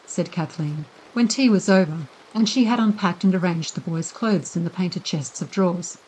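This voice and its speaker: Calm woman reading a bedtime story. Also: medium pitch, slightly rough, rough recording. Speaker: narrator. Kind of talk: bedtime audiobook narration.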